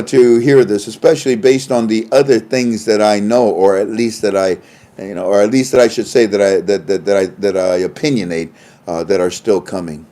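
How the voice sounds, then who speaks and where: Man with a mellow voice, chuckling commentary. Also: mid-range voice. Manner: chuckling asides, trails off and restarts. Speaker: online commentator. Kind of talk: casual livestream commentary reading reports. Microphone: phone.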